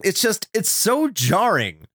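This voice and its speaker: A man co-hosts a casual podcast, ranting with sarcasm and frequent swearing. His pitch swings widely, climbing high when he gets worked up, and the recording is close and completely dry. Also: wildly swooping pitch, slow, a bit bright, no echo. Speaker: podcast co-host.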